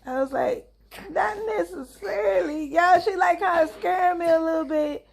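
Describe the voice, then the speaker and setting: A woman's voice: very high-pitched, moderate pace, gravelly, a little hiss or hum. A young woman, a married mother, casually telling a story to her viewers, chatty and acting out both sides of the conversation. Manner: chatty, addresses viewers as y'all, acts out dialogue. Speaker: vlogger and mother.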